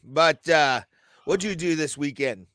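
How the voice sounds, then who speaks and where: A man's voice: a little high, a little slow, bright, forceful tone, no room sound. A man co-hosting a podcast in casual chat, joking and laughing as he reads viewer chat aloud. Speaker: podcast co-host.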